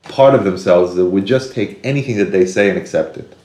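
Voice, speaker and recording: A deep-voiced man talks in an earnest, reflective way, thinking aloud in casual conversation. His low voice carries a noticeable room echo. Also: fairly quick, mellow. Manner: earnest, acts out inner voices with sudden high bursts.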